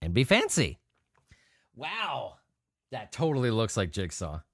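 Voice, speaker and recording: A man's voice: mid-range voice, wildly swooping pitch, unhurried, fairly bright tone, dry recording, clean studio sound. A man hosting a podcast, talking in a sarcastic, profane and rambling way. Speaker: podcast host. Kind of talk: casual podcast monologue.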